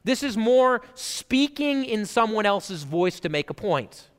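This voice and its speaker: Lively high-voiced male pastor, echoing hall. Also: unhurried, clean tone. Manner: animated and chatty, with frequent "like" and "right?" asides. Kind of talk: conversational sermon. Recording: reverberant church hall.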